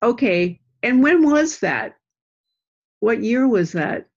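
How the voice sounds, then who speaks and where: A woman's voice: a little high, very animated, slow. A woman from the United States hosting a casual chat, asking curious questions and laughing along. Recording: slightly muffled recording.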